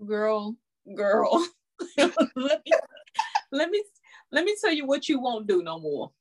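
A woman with a fairly high voice hosting a casual chat. She teases her co-host bluntly and breaks into laughter often. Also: sing-song, slow pace. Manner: laughs a lot, teasing, blunt.

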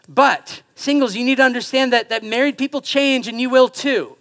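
A man preaching in a high, bright voice, animated and playful, slipping into quick impressions of other people. He delivers a casual, joking sermon to a church congregation. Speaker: pastor. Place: church sanctuary.

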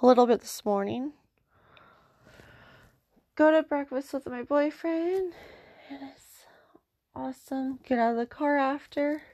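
A woman's voice: high-pitched, measured pace, pauses often, darkish tone, no echo, studio quality. A woman in her thirties hosting a podcast, telling a story in a casual, rambling way and talking through her thoughts. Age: 30s. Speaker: podcast host.

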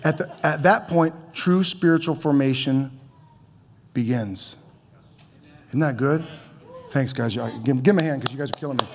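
A man's voice: mid-range voice, normal speed, long pauses, a little hiss or hum. A man preaching as a pastor in a church, conversational, with stammering restarts and teasing humor. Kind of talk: sermon.

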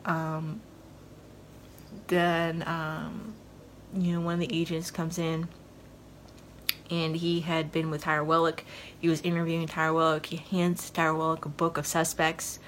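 Woman podcast host, lowish voice, rambling casual episode recap, filler-heavy, faint background hiss. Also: level tone, unhurried, long pauses. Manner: rambling, retells scenes with lots of fillers.

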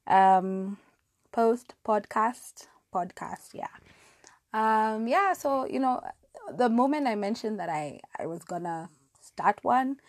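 Speaking slowly in a fairly high, animated voice, a young woman hosts a casual solo podcast from her bedroom. She's chatty and self-deprecating, full of fillers and restarts, recorded on a lapel mic clipped to her hair with no room sound.

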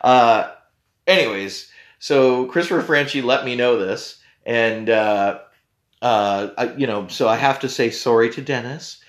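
A man's voice: mid-range voice, measured pace, fairly bright tone. A man hosting a casual podcast, rambling and joking at his own expense. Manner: rambling, joking, self-deprecating. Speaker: podcast host and tea company owner. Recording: roomy echo.

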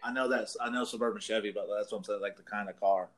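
A man with a fairly low voice tells a long, meandering anecdote in easy conversation. He swears freely and keeps laughing at his own story. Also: steady tone, fast, fairly bright tone. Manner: rambling, profane, laughs through his story. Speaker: podcast co-host. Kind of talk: casual storytelling chat.

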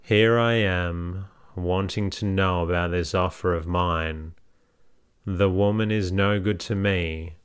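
Man voicing a gruff drunken hay-trusser. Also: sits low, steady tone, slow pace. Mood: scornful. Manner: blunt, scornful, stubborn. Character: gruff drunken male hay-trusser selling his wife.

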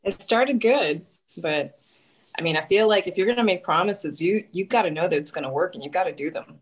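A woman's voice: lowish voice, a little fast, slightly rough, low-quality recording. A woman co-hosting a casual gaming podcast, talking in a laid-back, slangy way. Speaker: podcast co-host.

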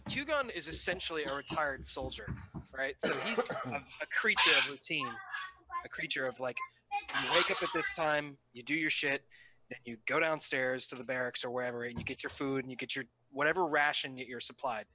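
A man's voice: medium pitch, a little fast, very noisy. A man playing a tabletop game, chatting casually and at length about his character. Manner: relaxed, talkative, explaining his character. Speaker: player.

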